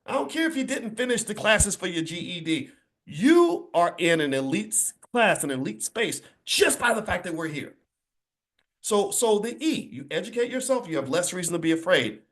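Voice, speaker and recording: A middle-aged man addresses an audience with an emphatic, preachy motivational speech, telling stories with animated energy. His voice sits high and moves at a moderate pace.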